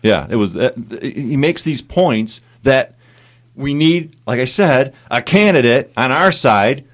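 A man's voice: mid-range voice, animated, slow. Opinionated male radio co-host. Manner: opinionated, conversational, frequent fillers. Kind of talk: casual radio chat.

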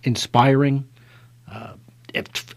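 A man's voice: mid-range voice, steady tone, slow pace, gravelly. A man hosting a talk radio show, chatting casually and emphatically, often restarting his sentences.

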